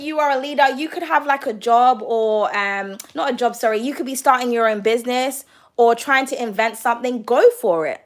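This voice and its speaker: A young woman giving a casual tarot reading. She chats freely, keeps calling the listener "darling" and swears without holding back. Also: a little high. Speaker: tarot card reader.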